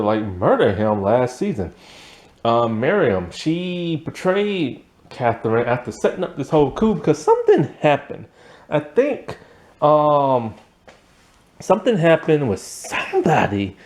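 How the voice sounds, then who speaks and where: A man's voice: mid-range voice, darkish tone. A young man casually reviewing a TV series, rambling with lots of ums and likes and chuckling now and then.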